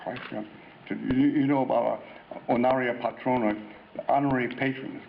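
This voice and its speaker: A man's voice: mid-range voice, fairly even intonation, moderate pace, gravelly. An older American man giving a rambling, anecdotal talk at a convention, often restarting his sentences. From United States. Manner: rambling storyteller with frequent restarts and hesitations. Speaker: guest author giving a talk. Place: convention hall. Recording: lo-fi hall recording with faint noise.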